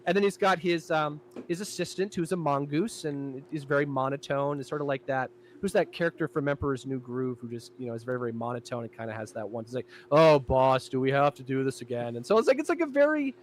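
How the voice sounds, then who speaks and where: A man in casual podcast chat, describing his own show in an animated way. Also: fairly high pitch, fast, hardly any pauses, a little hiss or hum. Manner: animated, jumping into character voices.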